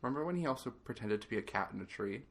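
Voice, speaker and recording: A man's voice: fairly low pitch, animated, racing, a bit bright. Dry, matter-of-fact man co-hosting a podcast. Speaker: podcast co-host. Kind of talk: casual podcast chat.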